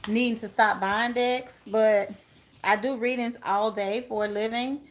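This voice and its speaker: A chatty woman runs a live tarot reading and talks to her viewers by name. Her voice sits a little high, and she laughs easily as she rambles between cards. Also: steady tone, measured pace, a little hiss or hum. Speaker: tarot reader.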